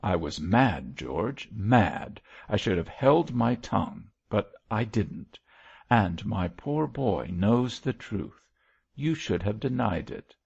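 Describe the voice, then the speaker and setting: A man's voice: fairly low pitch, sing-song, takes it slowly, vocal fry, darkish tone, breathy edge, lo-fi sound, voice pushed up, exaggerated voice. A man voicing a passionate, defiant middle-aged wife, speaking vehemently and emotionally.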